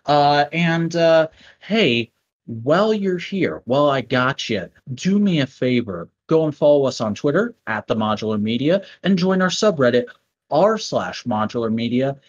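A man's voice: mid-range voice, a little slow. Hype-man podcast host, lo-fi. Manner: playful hype-man plugging, lively. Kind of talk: casual podcast outro. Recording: dull lo-fi sound.

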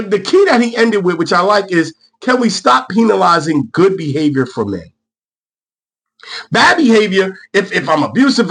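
A middle-aged man talks to his audience in a casual, motivational way, with a voice that sits fairly high for a man and swings widely in pitch. He is emphatic, laughs often, and repeats his points to drive them home. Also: a bit bright.

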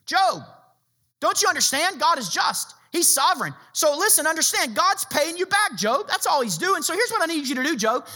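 A pushy, lecturing band of old friends who keep insisting they are right, as a preacher puts them on in a sermon. The voice is bright and raised, in a retold sermon scene. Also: male voice, extremely high pitch, big pitch swings, normal speed, pitched above the performer's own voice, full character voice. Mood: insistent. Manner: lecturing, pressing. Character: Job's three preachy, insistent male friends.

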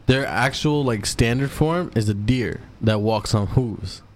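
A man's voice: mid-range voice, measured pace, background noise. Man loosely explaining folklore lore. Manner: explains in a loose storytelling way, lots of "like" and "right?". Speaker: podcast co-host. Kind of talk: casual chat.

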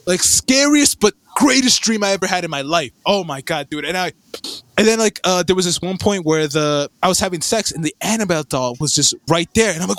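A young man telling a rambling story in casual chat, animated and swearing, with lots of fillers and restarts. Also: sits high, a little fast, no echo.

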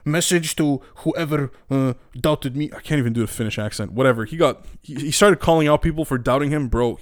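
A man's voice: medium pitch, clear, resonant tone, no room sound, studio quality. A young man hosting casual commentary, rambling, opinionated and profane. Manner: rambling, profane, many fillers and restarts; opinionated and animated. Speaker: podcast host.

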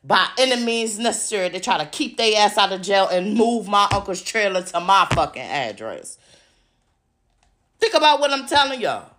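A woman's voice: mid-range voice, very animated, normal speed, a bit bright. Profane, ranting woman. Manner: profane, mocking, repeats insults. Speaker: podcast host. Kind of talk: angry ranting monologue.

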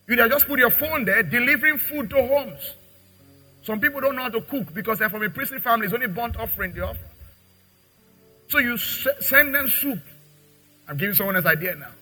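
Bright, husky-voiced preaching man. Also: high voice, poor audio. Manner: preaching with dramatic acted-out dialogue and big swings in loudness. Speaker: pastor. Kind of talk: sermon.

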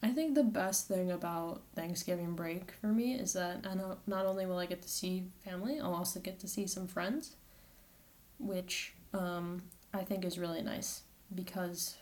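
A woman's voice: lowish voice, steady tone, normal speed, darkish tone. Chatty young woman rambling casually. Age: young adult. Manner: chatty, rambling, with many "like" fillers and self-corrections. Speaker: college student podcaster. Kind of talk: casual solo podcast monologue.

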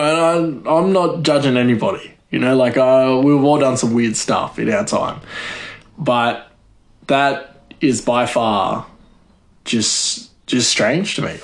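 A man rambles through a comedic monologue in a loose, chatty way. He piles on fillers and breaks into laughter at his own jokes. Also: medium pitch. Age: adult.

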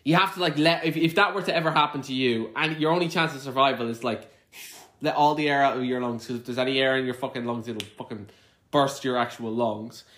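A man's voice: medium pitch, quick pace, a bit bright. A man co-hosting a podcast, chatting casually about a movie in a rambling, profane way with many restarts. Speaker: podcast co-host. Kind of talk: casual movie-review chat. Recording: roomy echo.

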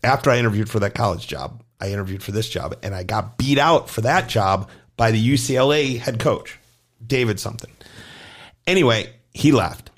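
A middle-aged man, a gymnastics coach co-hosting a podcast, telling lively stories in casual chat and acting out the voices of the people in them. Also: fairly low pitch, moderate pace. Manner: animated, acts out quoted voices in his stories.

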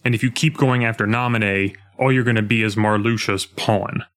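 Animated young man chatting about a game. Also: on the low side, brisk. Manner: animated, acts out game lines in a jumpy voice. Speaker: podcast co-host. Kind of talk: casual chat about a video game.

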